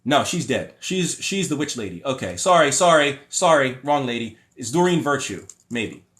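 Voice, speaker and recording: A young man talks off the cuff on a livestream, reading viewer comments aloud and answering them. His voice sits at an ordinary pitch, and he rambles, stops to restart sentences, and gets worked up when he disagrees. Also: animated, normal speed, a bit bright. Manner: rambling and opinionated, with frequent fillers and restarts; mocking voices when paraphrasing others. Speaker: livestream host.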